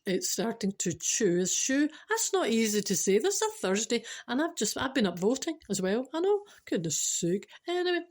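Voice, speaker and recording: A woman's voice: mid-range voice, a little mellow. A Scottish woman telling a story casually to an audience, chatty with rambling asides and laughs at herself. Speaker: storyteller host.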